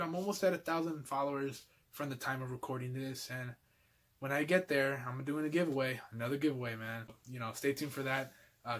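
A man's voice: mid-range voice, fairly bright tone. A young man in a casual toy-collection vlog, laid-back and fond of calling everyone dude, tired and out of breath.

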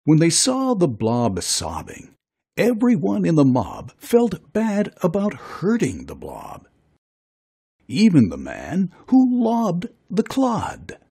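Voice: mid-range voice, slow, breathy edge. 絵本を読み聞かせる語り手。抑揚が非常に豊かで歌うような語り口。ゆっくりとしたペースで、柔らかく暗めの、息の混じった声。. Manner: sing-song, expressive. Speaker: narrator. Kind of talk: children's storybook reading.

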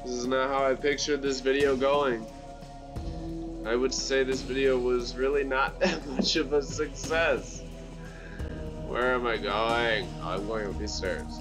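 A man hosting a let's play, commenting on his game in an excitable voice and exclaiming in frustration. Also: mid-range voice, unhurried, music in the background. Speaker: gaming channel host.

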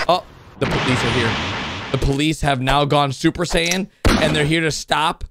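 A YouTube reaction host giving excitable commentary over cartoon clips, often breaking into high shouts and laughter. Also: moderate pace, over loud music.

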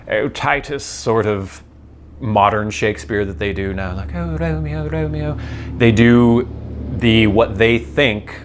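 Low-voiced American man rambling casually. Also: a bit bright, slight background noise. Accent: General American. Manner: rambling, musing, explanatory. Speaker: vlogger.

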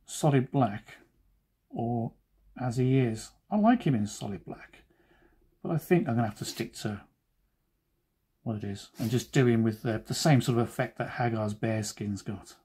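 A cartoonist talks casually while he draws, making joking, self-deprecating asides. His medium-pitched voice is mellow and husky, moving at a moderate pace with frequent pauses.

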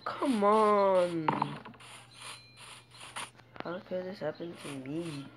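A woman's voice: lowish voice, drawn-out words, heavy background noise. A woman giving live gameplay commentary, panicky and pleading, talking to herself as she plays. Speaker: gamer. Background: loud game music.

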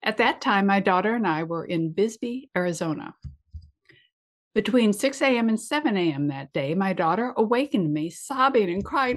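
A woman's voice: mid-range voice, animated, normal speed. A woman reading an old memoir aloud in a matter-of-fact way. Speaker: reader.

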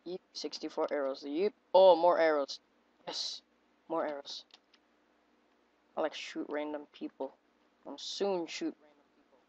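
An excitable woman giving casual commentary over a game she is playing, repeating short exclamations as things happen. Her voice sits low and she talks at an unhurried pace, recorded on a dull, lo-fi home microphone. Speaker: gaming video creator.

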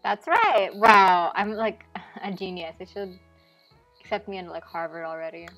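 A woman's voice: fairly low pitch, fairly even intonation, moderate pace, soft background music. Giggly young woman streamer. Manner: casual, giggly, lots of "like" and "you know". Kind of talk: live game commentary.

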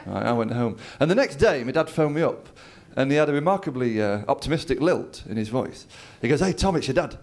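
At a comedy venue with a live audience, a stand-up comedian tells a story and acts out his dad's lines. His mid-range voice is animated and a little mellow, delivered briskly with hardly any pauses.

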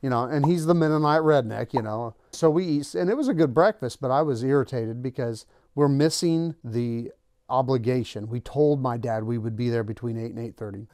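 Speaking in a brisk, mid-range voice with a touch of mellowness, a man hosting his own channel tells a personal story conversationally. He acts out what the people in it said, and there's no echo on the audio.

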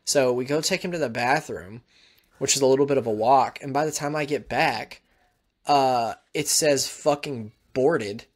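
A man's voice: mid-range voice, normal speed. A man, co-hosting a podcast, telling stories in a casual chat and swearing a lot. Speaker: podcast co-host.

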